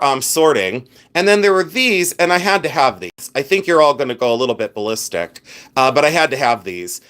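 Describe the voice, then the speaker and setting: A man's voice: mid-range voice, a bit bright. A middle-aged man hosting a live stream, chatting with viewers and thanking them by name in an effusive, rambling way. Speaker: livestream host selling vintage jewelry.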